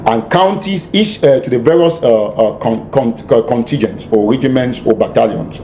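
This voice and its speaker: A man's voice: normal speed, dark tone. A man giving an emphatic, repetitive lecture-style address to followers, stumbling and restarting often. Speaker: militant leader addressing followers. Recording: muffled archive clip with faint rumble.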